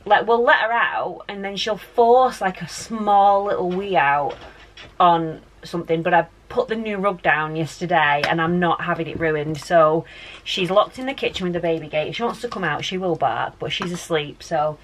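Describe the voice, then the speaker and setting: A woman's voice: fairly low pitch, normal speed, a little hiss or hum. A woman, chatting casually as she vlogs from her child's bedroom at home, rambling with lots of fillers. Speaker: vlogger and mum. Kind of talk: casual home vlog chat.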